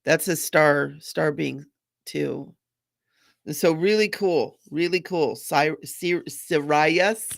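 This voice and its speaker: Deep-voiced with noticeable vocal fry, this middle-aged spiritual medium runs a live stream for her viewers. Her manner is gushing and bubbly, full of frequent laughter.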